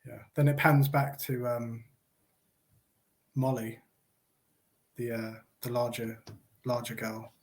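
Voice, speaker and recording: A man's voice: mid-range voice, steady tone, slow, long pauses. A man in casual chat, hesitantly filling in details with ums and restarts. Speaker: podcast co-host.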